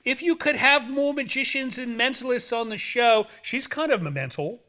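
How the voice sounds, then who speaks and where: A man's voice: very high voice, moderate pace, bright, forceful tone. A man hosting a horror movie show, rambling and joking in playful banter. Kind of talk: playful, campy hosting chat.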